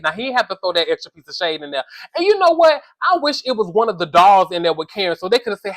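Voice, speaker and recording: A woman giving casual comedic commentary on reality TV, animated and exasperated, scolding in slangy talk and speaking to her viewers as y'all. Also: mid-range voice, fast.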